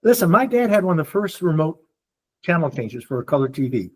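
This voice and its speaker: An older man speaking to a support group, telling stories in an animated way and acting out the voices of the people in them. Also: a little high, brisk. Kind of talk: storytelling talk to a group.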